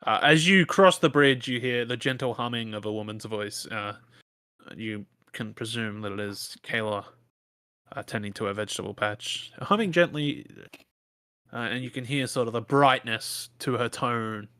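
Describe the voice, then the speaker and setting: Male game master, casual, hesitant, bright, dry close sound. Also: mid-range voice, moderate pace, clear, resonant tone, no room sound. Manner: casual, hesitant, many fillers. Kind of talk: narrating a tabletop game.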